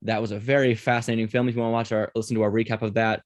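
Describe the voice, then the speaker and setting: Host type: a quick-talking man leading a casual podcast chat, close and dry sound. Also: lowish voice, flat delivery, no echo. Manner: quick, chatty, runs the segments.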